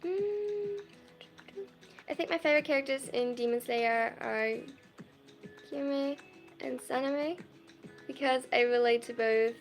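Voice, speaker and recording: A young adult livestreamer with a German accent chatting casually, reading viewer messages aloud and gushing thanks with lots of laughter. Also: mid-range voice. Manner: bubbly and effusive, quick to gush thanks and laugh.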